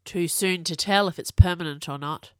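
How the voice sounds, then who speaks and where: A woman voicing a young male wizard who is hurt and subdued, speaking low and gently with a wry edge. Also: normal speed, clean tone, no echo, clean studio sound, natural voice.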